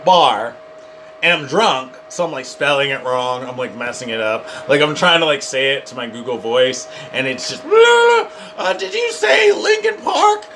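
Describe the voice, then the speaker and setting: A young man telling a funny personal story to camera in a rambling, animated way, full of "like". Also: mid-range voice, moderate pace, a little hiss or hum. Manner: rambling, animated, heavy use of "like". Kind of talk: casual comedic storytime.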